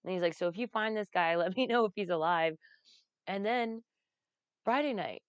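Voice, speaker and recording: A woman's voice: mid-range voice, normal speed, clear, resonant tone, no room sound, lo-fi sound. A woman telling casual, rambling stories, laughing often and swearing freely. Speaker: vlogger recounting a comedy festival. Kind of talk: casual storytelling.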